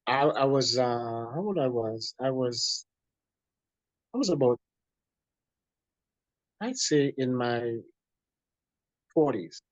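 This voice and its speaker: A man, a guest in an interview, telling a personal story in an animated way with many restarts. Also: mid-range voice, takes it slowly, long pauses, no room sound. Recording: dull lo-fi dry sound.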